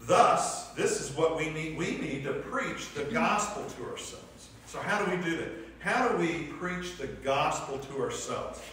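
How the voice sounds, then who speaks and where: A man's voice: on the high side, lively intonation, a little slow, few pauses, a bit bright, a little hiss or hum. Conversational man teaching a church class. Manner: conversational, asks the class questions, acts out inner voices. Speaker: Sunday school teacher. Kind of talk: church class lesson with discussion. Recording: echoey room from a distant mic.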